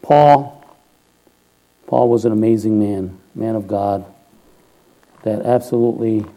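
A man preaching a sermon in an informal, chatty way, often checking in with "all right?" and rising loud and high when he exhorts or quotes. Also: slow, low-quality recording.

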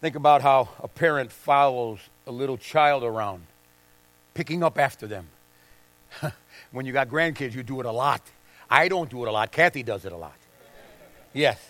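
A man's voice: medium pitch, moderate pace, pauses often, a bit bright, dry recording. An older man preaching a sermon, emphatic and repeating phrases for stress. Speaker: pastor.

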